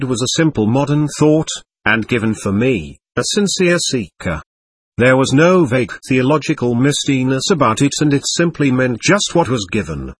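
A man reading a first-person memoir aloud at a measured, steady pace. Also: mid-range voice, husky.

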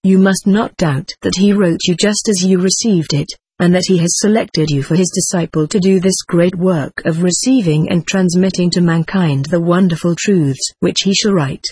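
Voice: medium pitch, normal speed, hardly any pauses, a little mellow, breathy edge, no echo. A reader voicing Saint John as an earnest male apostle spirit, reading channeled spirit letters aloud in a formal, earnest way.

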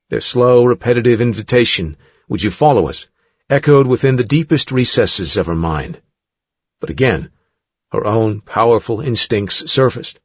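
A man narrating an audiobook in a measured, dramatic way. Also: on the low side, slightly rough, no room sound. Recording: dull dry studio recording.

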